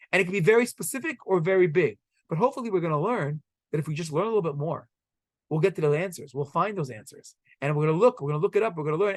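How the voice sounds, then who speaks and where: A man teaching a Torah class to a room of students, animated and firing rhetorical questions at them. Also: fairly high pitch, no room sound. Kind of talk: classroom lesson.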